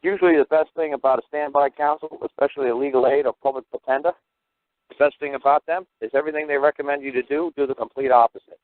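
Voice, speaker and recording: Fast-talking blunt man on talk radio. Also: on the high side, dry recording. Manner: blunt, profane, animated storyteller. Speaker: radio show host. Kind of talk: call-in radio talk, storytelling. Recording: tinny phone-line radio audio.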